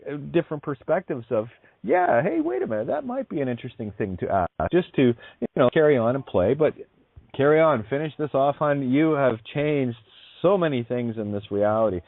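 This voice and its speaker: A man's voice: medium pitch, sing-song, a little fast, no room sound. A man hosting a spiritual talk radio show, effusive and rambling, calling his guest honey. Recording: dry tinny phone-like line.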